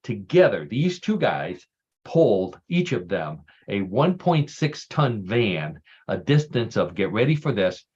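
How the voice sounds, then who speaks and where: A man's voice: lowish voice, sing-song, a little slow, a little mellow, breathy edge, highs cut off. Jokey man hosting a radio show. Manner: jokey storyteller, groan-worthy puns. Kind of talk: casual radio talk show chat.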